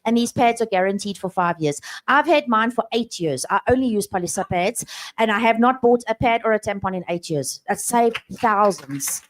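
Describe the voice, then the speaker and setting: A woman's voice: on the high side, expressive, a little fast, poor audio. A woman speaking at an event, earnest and persuasive as she explains a product and its savings. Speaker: business speaker. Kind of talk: speech at an event. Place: event venue.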